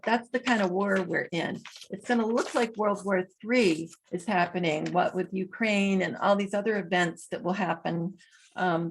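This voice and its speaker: Slow-talking woman with a gravelly voice. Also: medium pitch, a little hiss or hum. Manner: slow, deliberate, spells out numbers. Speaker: vlogger. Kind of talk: casual monologue reading notes.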